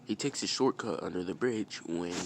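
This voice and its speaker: A man's voice: sits low, moderate pace, slight background noise. A man casually telling a fan-fiction story, rambling and repeating himself as he goes.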